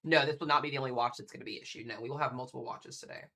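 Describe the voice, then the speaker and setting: Quick, bright-voiced male weather streamer. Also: mid-range voice, vocal fry. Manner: chatty, excitable, talks straight to viewers. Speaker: severe weather live streamer. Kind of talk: casual live weather commentary.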